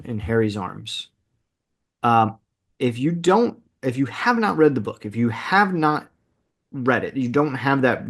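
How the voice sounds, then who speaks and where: Man, podcast co-host, casual chat, animated, emphatic, repeats words, mid-pitched voice.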